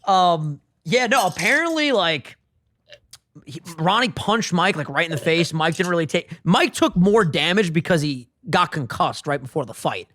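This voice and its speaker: A man co-hosting a podcast, telling a story in a casual chat, animated and swearing a lot. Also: a little high, normal speed, dry recording. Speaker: podcast co-host. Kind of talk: casual chat, retelling a TV scene.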